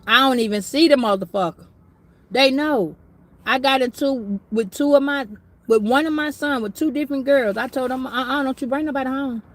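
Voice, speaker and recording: A woman's voice: sits high, normal speed. A middle-aged woman giving a casual astrology reading, talking bluntly, preachily and with plenty of swearing. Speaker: tarot reader.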